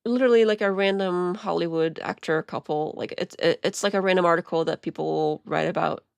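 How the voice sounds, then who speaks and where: A woman streamer chatting casually as she reacts to videos, rambling with stammered restarts and quiet muttered asides. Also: fairly low pitch, a little fast, vocal fry, smooth, no room sound. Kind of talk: casual live-stream commentary.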